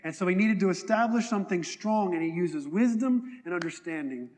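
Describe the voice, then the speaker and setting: A man's voice: sits high, animated, a little fast, darkish tone, in a large hall. A man preaching a sermon to a congregation in a conversational way, often asking them questions. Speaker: pastor. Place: church hall.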